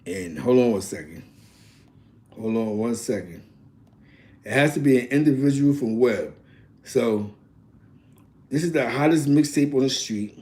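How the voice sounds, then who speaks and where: A man hosting a stream, repeating hype lines and giving shoutouts like a mixtape DJ. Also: mid-range voice, expressive, a little slow, long pauses. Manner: repetitive hype, lots of shoutouts. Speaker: host.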